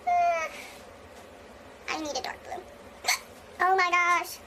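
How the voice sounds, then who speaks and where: A woman's voice: very high-pitched, big pitch swings, takes it slowly. A woman with the hiccups, chatting casually and thinking aloud while she does her makeup.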